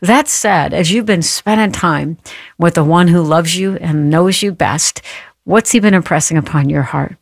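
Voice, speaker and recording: A woman's voice: lowish voice, normal speed, creaky, no echo, clean studio sound. A woman hosting a Christian talk show, introducing her guest and encouraging him with frequent affirmations. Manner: warm, affirming, interjects encouragement. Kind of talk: radio-style faith interview.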